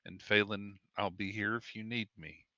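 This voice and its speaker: A man puts on a gentle, protective male ally who speaks in a low, bright voice. He sounds steady and caring, and the recording is dry and close. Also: moderate pace, no room sound, lo-fi sound. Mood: reassuring.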